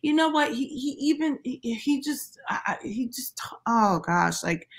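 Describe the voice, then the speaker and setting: A woman hosting a casual opinion chat, telling stories in an animated, exasperated way. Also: high-pitched, a little slow, breathy edge. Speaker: host.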